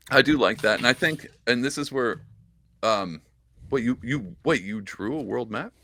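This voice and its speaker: A man's voice: mid-range voice, expressive, measured pace, long pauses, bright, forceful tone. A man hosting a podcast in casual chat, laid-back and upbeat. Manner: laid-back and upbeat, calls guest "dude". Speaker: podcast host.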